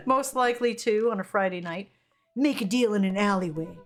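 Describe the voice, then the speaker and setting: A woman's voice: medium pitch, expressive, moderate pace, faint music behind. A woman streamer giving casual commentary on a game, laughing often and reading chat aloud.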